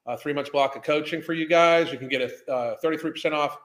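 A man's voice: fairly high pitch, quick pace, fairly bright tone. A man hosting a casual livestream as a health coach, rambling, swearing and greeting viewers by name.

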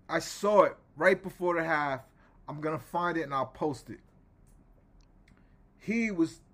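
A slow-talking man co-hosting a podcast, with a slightly high voice. He makes his points emphatically and animatedly, breaking off mid-thought now and then in casual talk. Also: fairly bright tone. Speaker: basketball podcast co-host.

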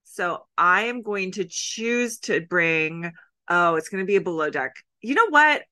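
A woman's voice: fairly low pitch, animated, a little slow, sharp tone, smooth. A young adult woman co-hosting a podcast, chatting casually and rambling through jokes. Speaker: podcast co-host. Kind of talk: casual chat.

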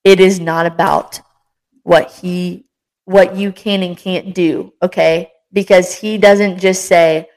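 A woman's voice: fairly low pitch, steady tone, slow, darkish tone, poor audio. A young woman hosting a casual faith podcast, talking with passion and energy in a rambling, encouraging way. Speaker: podcast host.

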